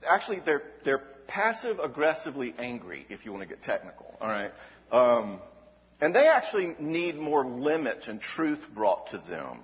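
In this dull recording with long hall reverb, a Christian speaker on emotional health teaches at a normal speed in a medium pitch. He is animated and emphatic, asking rhetorical questions and pausing to check "all right?"

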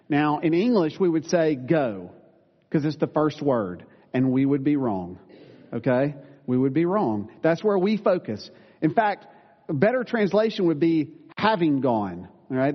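A male pastor preaching a sermon, earnest and plain-spoken, with self-deprecating asides and quick corrections of himself. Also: a little high. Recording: dull sound with long reverb in a large room.

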